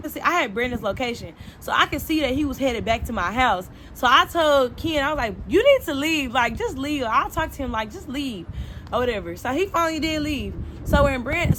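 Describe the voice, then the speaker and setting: Animated young woman telling a storytime. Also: on the high side, background noise. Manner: animated and expressive, acting out quoted dialogue. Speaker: vlogger. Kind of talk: casual storytime.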